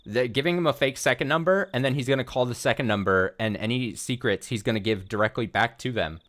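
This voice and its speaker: A man hosting a let's play, reading a visual novel aloud and rambling excitedly and paranoidly between lines. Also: mid-range voice, fast.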